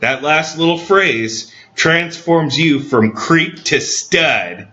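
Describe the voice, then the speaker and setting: A man's voice: a little high, takes it slowly, bright, forceful tone. A man hosting a comedy podcast, delivering a dry, mock-serious comedic monologue. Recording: slightly dull lo-fi recording.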